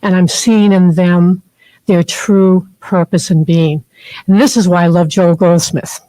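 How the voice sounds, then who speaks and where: A woman's voice: fairly low pitch, steady tone, measured pace, mellow, no room sound, rough recording. Heartfelt woman giving a rambling spiritual talk. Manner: heartfelt, rambling storytelling with many fillers. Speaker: guest speaker, therapist and spiritual teacher. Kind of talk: personal spiritual talk to a group. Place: chapel.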